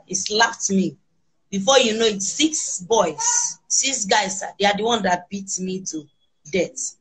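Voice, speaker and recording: Husky-voiced Nigerian woman recounting an ordeal. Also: mid-range voice, rough recording. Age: adult with children. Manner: halting, restarting sentences. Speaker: kidnapping survivor interviewed.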